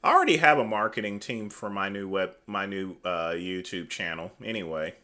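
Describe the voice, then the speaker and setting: A man's voice: deep voice, expressive, normal speed, bright, forceful tone. A man hosting a livestream, giving casual commentary with dry, mocking asides. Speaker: livestream host.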